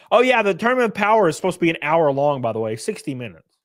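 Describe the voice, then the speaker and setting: Animated, swearing man in his thirties. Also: fairly high pitch, very fast. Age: 30s. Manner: loud, profane ranting with laughter. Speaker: livestream host. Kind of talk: casual livestream chat.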